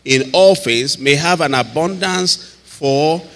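A man's voice: fairly high pitch, slow, vocal fry, a bit bright, in a large hall. A man teaching a Bible study as a pastor, talking conversationally, laughing often and asking listeners if they follow.

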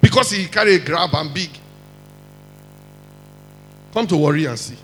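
A man with a Nigerian accent preaching a lively sermon, acting out quotes and mixing in pidgin. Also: a little high, moderate pace, long reverb tail, soft background music, rough recording. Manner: animated, mixes in pidgin, acts out quotes.

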